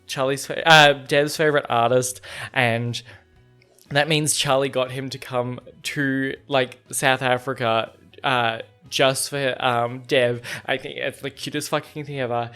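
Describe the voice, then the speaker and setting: A young man hosting a book club, chatting excitedly and rambling with lots of fillers and swearing, sometimes reading passages aloud. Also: medium pitch, unhurried, clean tone, soft background music. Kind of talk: casual reading reaction and read-aloud.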